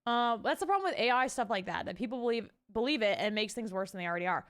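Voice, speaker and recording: Chatty streamer woman, smooth voice. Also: fairly high pitch, fast talker. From Canada. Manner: animated, ranty, swears casually, talks to chat. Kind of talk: casual live-stream chat.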